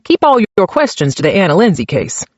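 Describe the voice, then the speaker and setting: A man voicing a slick, smug male defense lawyer who speaks briskly. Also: high voice, huge pitch swings, no echo, dull audio, voice pushed up, heavily acted.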